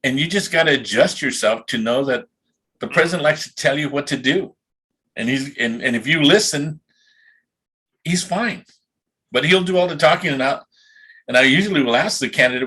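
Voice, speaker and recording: A man on a recruiting panel explains his points calmly and restarts a few phrases along the way. His voice is husky and bright. He sits a little high for a man. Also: normal speed, long pauses. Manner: calm, explanatory with repeated restarts. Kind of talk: casual panel discussion.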